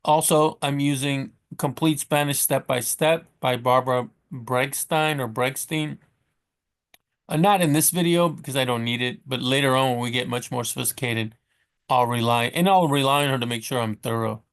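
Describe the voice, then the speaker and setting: Brief: American man, mid-pitched, loose off-the-cuff teacher, restarts a lot. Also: steady tone, moderate pace, smooth. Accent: American English. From United States. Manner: rambling, with many fillers and restarts. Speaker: Spanish teacher. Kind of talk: casual spoken lesson.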